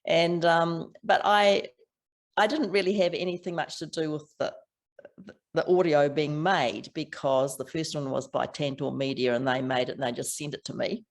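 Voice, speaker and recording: A woman's voice: low voice, steady tone, moderate pace. An older woman with a strong New Zealand accent, chatting as an author guest in an interview with frequent laughs and restarts. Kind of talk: casual interview chat.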